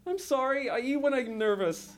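A man's voice: extremely high pitch, normal speed, a little hiss or hum, voice pushed up. A man doing a jittery, nervous snacker. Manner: fretful, pleading. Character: nervous male friend who eats when anxious.

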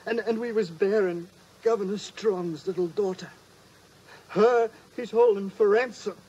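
A man's voice: sits high, a little slow, dark tone, breathy edge, muffled recording. An actor playing a shaken male sailor, survivor of a raid, telling his story urgently, on an old film soundtrack.

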